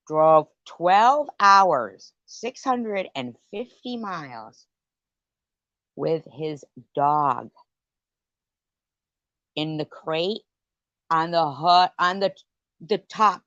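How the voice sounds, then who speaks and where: Woman host, deep and slow-talking, swearing through a loose, rambling late-night stream rant on dull lo-fi audio. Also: expressive, a bit bright, no room sound. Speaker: livestream host.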